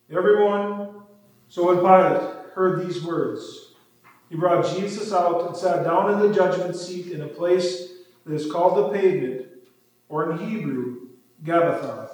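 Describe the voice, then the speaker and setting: High-voiced man reading scripture in an echoey hall. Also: measured pace. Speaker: scripture reader. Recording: very echoey room, distant mic.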